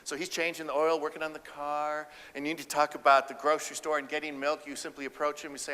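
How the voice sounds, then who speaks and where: A man giving an animated, humorous keynote speech about relationships on a conference stage. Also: on the high side, fast talker, hardly any pauses. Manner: animated, acts out voices, audience banter. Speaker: keynote speaker and relationship counselor. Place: conference stage before a live audience. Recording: echoey conference hall.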